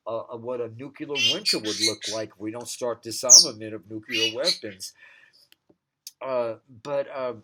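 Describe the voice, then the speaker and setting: A man's voice: mid-range voice, heavy background noise. A man working as a psychic, giving a casual, rambling tarot reading that wanders from one thought to the next. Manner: rambling, digressive.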